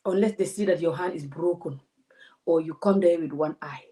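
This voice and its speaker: A woman, a vlogger giving animated, indignant commentary to her audience. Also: on the low side, a little fast, poor audio. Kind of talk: casual commentary to a live audience.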